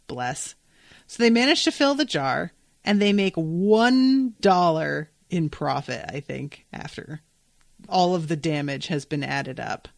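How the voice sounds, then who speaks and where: A woman's voice: deep voice, animated, takes it slowly, creaky, no room sound. A woman hosting a podcast, casually recapping a cartoon episode, chatty and swearing freely as she acts out the characters' lines. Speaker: podcast host.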